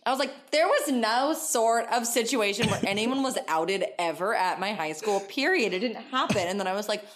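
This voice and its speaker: A woman's voice: mid-range voice, animated, moderate pace. A woman co-hosting a casual podcast chat, blunt and sarcastic, swearing freely. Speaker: podcast co-host.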